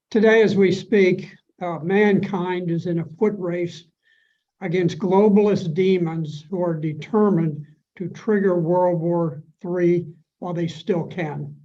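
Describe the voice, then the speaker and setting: A man delivers a prepared speech in a dramatic, declamatory manner. His voice is high and mellow, and he speaks slowly. The audio is dull and lo-fi. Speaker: panel speaker.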